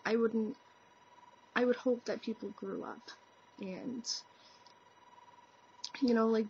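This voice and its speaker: Earnest young woman vlogging, slightly high voice. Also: slight background noise. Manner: earnest, frequent "like" and "you know" fillers. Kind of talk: casual opinion vlog. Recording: dull lo-fi webcam audio.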